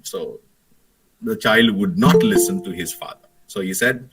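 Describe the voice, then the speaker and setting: A man's voice: low voice, a little slow, recorded from a distance, poor audio. A man giving a lecture and telling an anecdote, hesitant, with many fillers and restarts. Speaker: guest lecturer, Jesuit priest.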